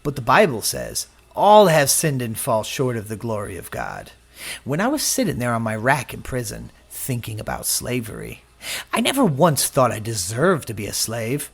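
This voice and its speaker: A male preacher delivering a sermon with a lively, swinging pitch. He tells his own story and slips into the voices of the people he quotes. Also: moderate pace, gravelly, breathy edge. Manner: personal testimony, acts out quoted voices.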